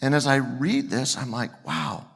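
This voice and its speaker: A man's voice: mid-range voice, big pitch swings, moderate pace, fairly bright tone. A male pastor preaching a sermon in a conversational, self-deprecating way, joking with the congregation.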